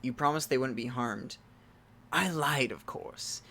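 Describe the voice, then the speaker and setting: At a measured pace, a medium-pitched man reads out a text adventure game with its music in the background. He periodically lets out loud, startled exclamations.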